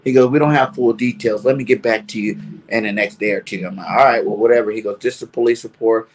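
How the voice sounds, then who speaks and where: A man's voice: lowish voice, steady tone, fast. A man telling a long personal story in casual talk, constantly filling with "you know". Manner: rambling, fills with "you know". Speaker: caller.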